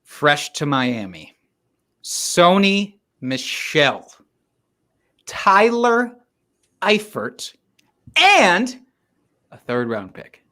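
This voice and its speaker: A man's voice: high voice, very slow, long pauses. A man co-hosting a podcast in casual chat over drinks, joking and swearing. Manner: animated, joking and profane. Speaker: podcast co-host.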